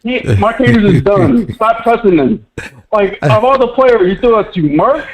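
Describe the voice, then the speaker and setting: A young man calling in to a sports show, ranting, stuttering in his anger and breaking into near-shouts. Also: normal speed. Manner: frantic, stuttering, pitch leaping into shouts. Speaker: caller. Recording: dull lo-fi call audio.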